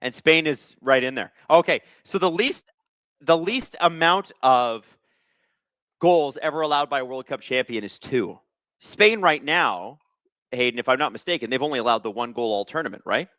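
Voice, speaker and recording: Man, young adult, livestream host, chatty and joking, animated voice, dry close sound. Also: mid-range voice, moderate pace, pauses often, dry recording. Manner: chatty, reads viewer comments aloud, joking. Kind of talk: casual live watch-along chat.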